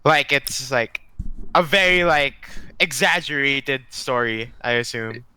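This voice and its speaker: Bright-voiced man running a tabletop game. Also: mid-range voice, takes it slowly, smooth, dry recording, poor audio. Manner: rambling, self-correcting descriptions. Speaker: game master.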